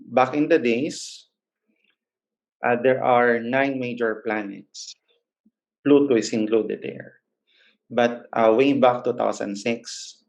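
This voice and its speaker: A young Filipino man delivers a recorded lecture, with a mid-pitched voice. He often stops on filler words and corrects himself as he explains. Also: gravelly, rough recording. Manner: hesitant, many filler words and self-corrections. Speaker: teacher.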